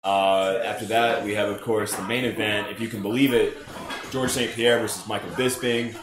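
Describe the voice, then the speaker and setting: A man's voice: on the low side, steady tone, normal speed, crowd noise. A man co-hosting a casual live stream, chatty and upbeat as he reads out viewer comments. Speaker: co-host reading viewer comments. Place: living room. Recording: echoey room.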